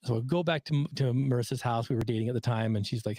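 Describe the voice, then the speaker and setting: A man's voice: mid-range voice, racing, no room sound. A man hosting a casual interview, telling stories animatedly and acting out quotes. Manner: animated storyteller, acts out quotes. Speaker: podcast host and recovery coach.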